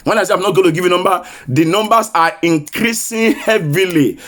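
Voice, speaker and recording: A man's voice: sits high, a little fast. A male pastor preaching a sermon, chanting repeated prophetic declarations and leading prayer.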